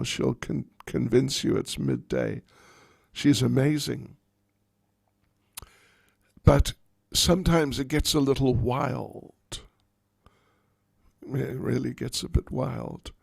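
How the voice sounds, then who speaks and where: A monk giving a sermon, telling a story in an animated, playful way. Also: male voice, medium pitch, creaky, dry recording.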